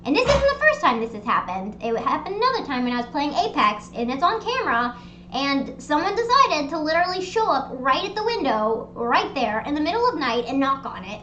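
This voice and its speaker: A young woman hosting a casual livestream chat from home, telling stories in an animated, rambling way with lots of fillers. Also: high-pitched, brisk, reverberant, highs cut off, slight background noise. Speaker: streamer hosting a live hangout. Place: her home. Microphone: streaming desk mic.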